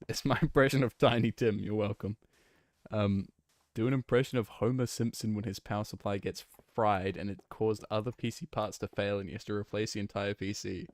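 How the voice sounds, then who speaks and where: A man's voice: lowish voice, steady tone, fairly quick, no echo. A young man streaming a game, chatting casually and laughing, flustered and rambling. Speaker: gaming streamer.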